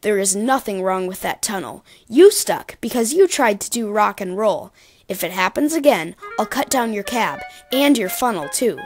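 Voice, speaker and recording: A strict, thin male railway boss from a storybook, stern and scolding, as a woman acts him out. His voice drops low and quiet with cold firmness. Music plays faintly beneath. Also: expressive, normal speed, lightly acted.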